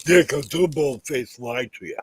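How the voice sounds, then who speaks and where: A man's voice: mid-range voice, normal speed, breathy edge, dry recording. A man in casual political chat, indignant and swearing about prices and cuts. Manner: indignant, profane.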